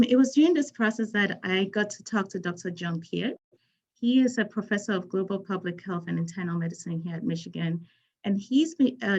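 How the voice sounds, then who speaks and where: A woman's voice: medium pitch, a little mellow, poor audio. Earnest woman from Ghana, panel talk. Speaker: physician panelist.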